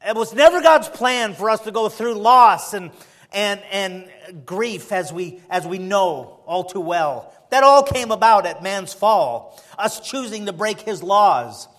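A male preacher delivering a sermon, full of rhetorical questions and swinging between loud emphasis and quiet passages. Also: sits high, lively intonation, a little slow.

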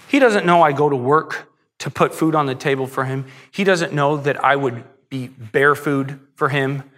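A man delivers a heartfelt sermon in a fairly high voice. He swings between hushed, tender stretches and soaring, impassioned peaks as he preaches. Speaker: pastor.

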